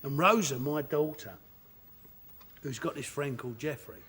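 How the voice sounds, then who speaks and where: A man with a Cockney accent, a talk show guest telling animated stories and laughing often in a television studio. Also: a little high, normal speed, husky. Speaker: guest actor.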